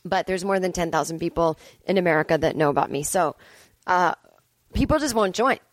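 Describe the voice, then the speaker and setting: A woman comic in her forties riffs alone at home, sarcastic and freely swearing as she vents. Her voice sits at an ordinary middle pitch, and the close recording is dry with no room sound. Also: a little fast, dry recording. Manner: sarcastic, profane ranting. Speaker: comedian and podcast host. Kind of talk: casual solo monologue.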